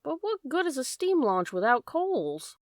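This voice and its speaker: A woman's voice: high-pitched, sing-song, unhurried, no room sound, studio quality, pitched above the performer's own voice. A woman voicing an anxious, chatty boatman's wife, in an audiobook. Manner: homely, dropped endings, worried run-on talk.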